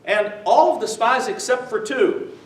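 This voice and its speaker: A very high-voiced man at a measured pace delivers a church adult-education lecture as a visiting New Testament teacher. He draws his live audience in with "what?" prompts and chuckles while telling stories. He's recorded distantly in an echoing room with faint background noise.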